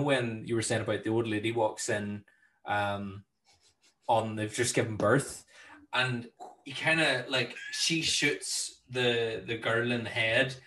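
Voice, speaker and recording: A man's voice: mid-range voice, fairly even intonation, unhurried, pushed and bright. A man with a Northern Irish accent co-hosting a casual film review chat, laid-back and wry, swearing casually. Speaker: podcast co-host.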